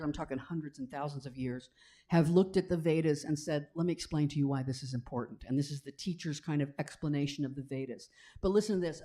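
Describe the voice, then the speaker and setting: Mellow-voiced woman preaching a sermon. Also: low voice. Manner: conversational, checks in with "right?"; drops to a slow hushed tone for scripture passages. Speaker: minister. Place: church sanctuary.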